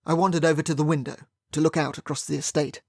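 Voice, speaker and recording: An audiobook narrator reading a first-person period mystery in a wry, measured storytelling manner. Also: medium pitch, level tone, no room sound, clean studio sound.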